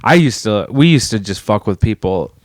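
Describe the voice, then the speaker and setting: A man's voice: lowish voice, lively intonation, normal speed, no echo, clean studio sound. A young man co-hosting a podcast, telling crude stories in a laid-back casual chat. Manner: crude laid-back storytelling, many fillers. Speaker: podcast co-host.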